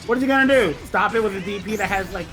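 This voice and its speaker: A man's voice: high-pitched, fast talker, music in the background. Analytical man commentating fighting matches. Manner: explains frame data and mix-ups. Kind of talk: play-by-play commentary.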